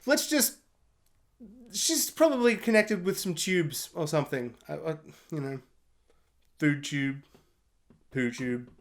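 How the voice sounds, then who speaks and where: A man's voice: a little high, takes it slowly, long pauses, a bit bright. A man giving a casual spoiler film review, rambling with lots of "like" and firing off questions.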